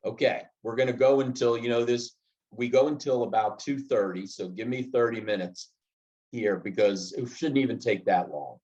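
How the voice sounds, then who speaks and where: A man's voice: medium pitch, normal speed, darkish tone. Man lecturing on leadership, lo-fi. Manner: explains with step-by-step examples and acted dialogue. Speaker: leadership trainer. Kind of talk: classroom lecture. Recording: slightly dull lo-fi sound.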